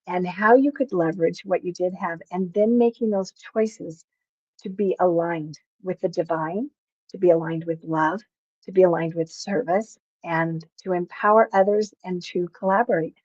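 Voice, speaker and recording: A woman's voice: fairly low pitch, steady tone, normal speed, a little mellow, no room sound. A woman hosting a podcast interview, speaking in an earnest way and praising her guest. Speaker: podcast host. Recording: dull, dry video-call audio.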